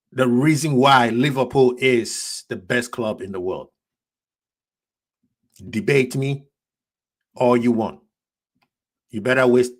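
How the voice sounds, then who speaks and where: A man's voice: medium pitch, fairly bright tone. A man hosting a fan reaction stream, passionate and preachy, ranting at rival fans. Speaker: fan channel host.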